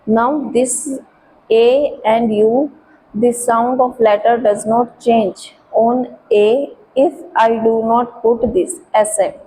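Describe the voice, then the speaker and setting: Woman teacher, slow and patient, mellow tone, slight background hiss. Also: on the high side, steady tone, low-quality recording. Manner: slow, careful explaining, switching into Hindi. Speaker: French teacher. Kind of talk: classroom lesson.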